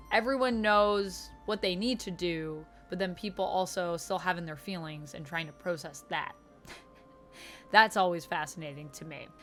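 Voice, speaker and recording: A woman's voice: lowish voice, fairly bright tone. A woman talking casually and enthusiastically in a book review vlog, full of fillers as she shares her thoughts. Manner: chatty and enthusiastic, lots of "like" fillers.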